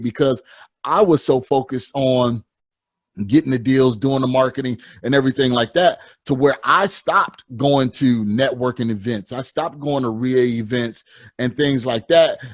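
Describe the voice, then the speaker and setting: Male podcast host, earnest and repetitive, mid pitch, dry sound. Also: no room sound. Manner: earnest, repeats himself, gives short "yep" backchannels. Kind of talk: casual chat.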